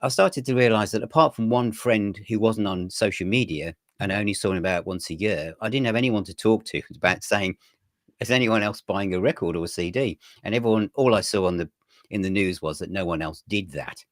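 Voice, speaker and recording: Deep-voiced man, relaxed storyteller. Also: brisk, no echo, clean studio sound. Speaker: guest, magazine editor. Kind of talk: casual interview chat.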